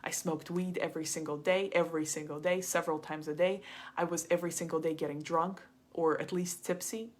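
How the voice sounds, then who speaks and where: A woman's voice: low-pitched, steady tone, brisk. A young adult woman coach telling a frank, confessional story in a masterclass, loose and chatty with lots of "like". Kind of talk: candid storytelling monologue.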